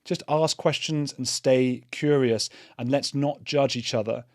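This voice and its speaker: A man's voice: mid-range voice, fairly even intonation, a little slow, no echo, studio quality. A middle-aged man hosting his own channel, giving earnest spoken commentary and thinking aloud with restarts. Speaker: channel host. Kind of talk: casual commentary to camera.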